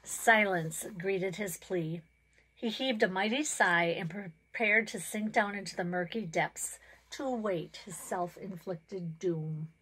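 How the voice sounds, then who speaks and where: A woman's voice: medium pitch, slightly rough, low-quality recording. Give me a woman author reading a children's story aloud. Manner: expressive, measured storytelling.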